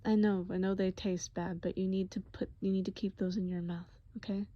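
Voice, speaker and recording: A woman voicing a young man gently soothing his dazed girlfriend in a whispered role-play, soft and affectionate, full of pet names. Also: mid-range voice, flat delivery, fairly quick, close to an everyday voice. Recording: dull lo-fi recording.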